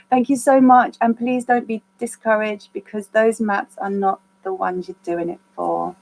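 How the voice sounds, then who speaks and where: A woman's voice: mid-range voice, moderate pace, darkish tone, rough recording. A woman, speaking candidly to a support group she organizes, rambling and earnest and swearing freely. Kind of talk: candid casual group talk.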